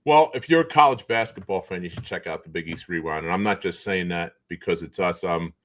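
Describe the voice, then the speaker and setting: A man from the New Bedford, Massachusetts area, telling stories as an interview guest. His voice sits a little low, and he chuckles and restarts as he talks. The delivery is animated and casual. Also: brisk. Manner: animated storyteller, chuckles often, trails off in restarts. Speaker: guest, former basketball player and show co-host.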